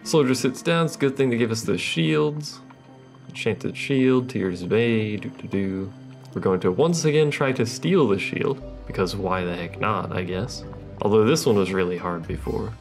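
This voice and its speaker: Faint music plays behind a man who comments wryly and casually on the game he's playing. Between remarks he reads the game's text aloud, speaking at a moderate pace in a voice on the low side.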